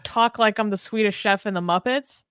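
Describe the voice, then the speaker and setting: A young woman co-hosting a casual livestream chat, animated and self-mocking, laughing often. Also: medium pitch, normal speed, smooth, no echo, studio quality. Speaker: co-host.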